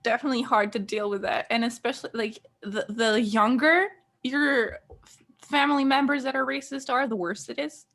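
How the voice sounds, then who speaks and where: A woman's voice: fairly high pitch, fast, vocal fry, hardly any pauses, a bit bright. A young woman from Greece chatting casually on a podcast, telling a story with lots of fillers and laughs. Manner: storytelling with many likes and laughs. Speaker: podcast co-host. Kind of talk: casual chat.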